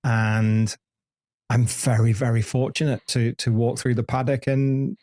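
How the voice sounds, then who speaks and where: Man, fifties, mid-pitched voice, rambling anecdotal guest, candid interview chat. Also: little pitch movement, unhurried, a little mellow. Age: 50s. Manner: rambling anecdotal storyteller with frequent restarts. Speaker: podcast host, interview guest.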